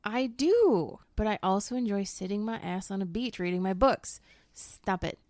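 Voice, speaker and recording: A woman's voice: medium pitch, normal speed, no room sound, studio quality. A woman teacher chatting casually about a book she read, laughing often and swearing now and then. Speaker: teacher and guest book reviewer. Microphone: home microphone.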